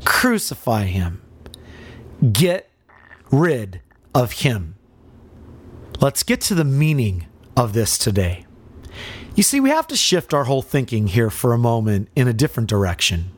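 A man's voice: mid-range voice, big pitch swings, normal speed. A male preacher giving a dramatic sermon, asking rhetorical questions and speaking directly to his listeners.

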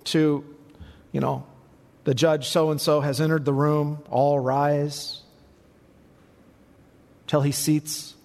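A man's voice: fairly high pitch, a little mellow. Preaching man in a reverberant church. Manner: preaching with rising emphatic peaks. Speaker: pastor. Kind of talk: sermon. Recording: long reverb in a large hall.

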